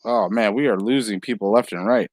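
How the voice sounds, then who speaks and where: A man's voice: fairly low pitch, a little fast, a little mellow, no echo. A man hosting a casual video-call chat, rambling and laughing easily. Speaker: host.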